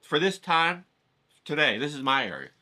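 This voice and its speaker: A man's voice: a little high, sing-song, normal speed, pushed and bright, exaggerated voice. A man voicing a pushy, territorial woman street vendor who insists and repeats herself. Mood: insistent. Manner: insistent, repetitive, nosy.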